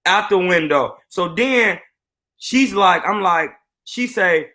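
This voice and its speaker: A boxing coach telling a story on a live stream in an animated, boastful way. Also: male voice, high voice, takes it slowly.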